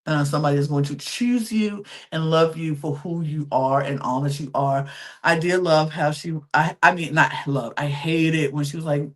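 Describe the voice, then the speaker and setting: A woman's voice: deep voice, moderate pace. A woman hosting a podcast, chatting through a reality-show recap in a casual, emphatic way and acting out what the contestants said. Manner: chatty, animated, acts out quotes in little voices; emphatic, repeats words for effect. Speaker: podcast host.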